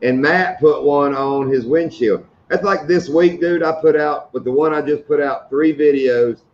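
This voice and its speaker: A man's voice: on the high side, moderate pace, a little mellow. Middle-aged guy shooting the breeze on a fishing stream, joking around, kinda lo-fi sound. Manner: joking storyteller, laughs at his own stories. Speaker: host of a fishing channel live stream. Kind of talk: casual live-stream chat.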